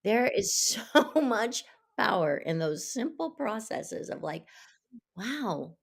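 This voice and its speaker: A woman guest speaking as a Montessori educator, earnest and animated, explaining with lively asides. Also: on the high side, slow, gravelly. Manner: earnest, animated, acts out children's voices. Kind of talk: conversational interview answers.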